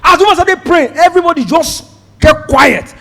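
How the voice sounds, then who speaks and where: A Nigerian man performing a stand-up comedy set, telling a story and acting out shouted prayers. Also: very high-pitched, animated, brisk, gravelly. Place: comedy stage before a live audience. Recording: live show with crowd audible.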